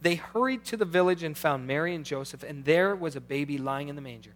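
A middle-aged man preaching a sermon as pastor, swinging between hushed, intimate passages and animated, rising ones. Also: fairly high pitch, quick pace.

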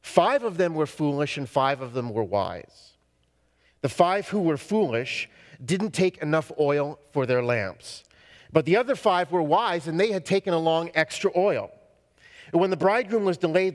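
A man preaching a sermon, telling a story with pauses and casual asides. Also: fairly high pitch, animated. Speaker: pastor. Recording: long reverb of a hall.

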